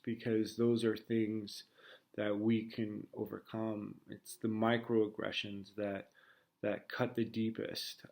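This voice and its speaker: A man from the United States, in his thirties, talking through a personal reflection with many pauses, fillers and restarts. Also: on the low side, gravelly, a little mellow.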